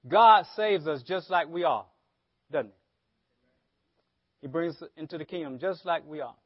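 A man's voice: fairly high pitch, expressive, normal speed, dry recording. A man preaching a sermon as pastor, often asking the congregation rhetorical questions. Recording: dull lo-fi sermon audio.

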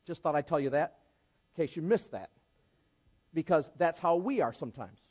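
Animated, high-voiced male preacher. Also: moderate pace. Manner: conversational, animated, acts out scripture characters. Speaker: pastor. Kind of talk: sermon. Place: church.

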